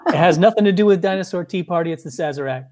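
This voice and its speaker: Male co-host, high voice, relaxed, runs the scoring. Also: racing. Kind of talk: casual game-show banter.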